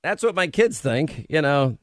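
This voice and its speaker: A middle-aged man hosting a radio talk show, telling stories in a rambling, animated way. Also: on the high side, a little slow, dry recording, studio quality. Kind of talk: casual talk radio banter.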